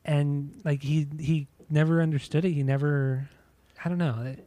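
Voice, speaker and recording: Laid-back, enthusiastic podcast host. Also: male voice, on the high side, flat delivery, moderate pace, dark tone, no echo. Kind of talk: casual chat.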